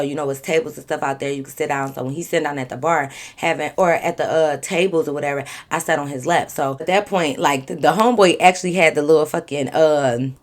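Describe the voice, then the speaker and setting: A woman in her twenties telling a candid, profane story to her viewers in a casual, animated way. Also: sits low. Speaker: vlogger.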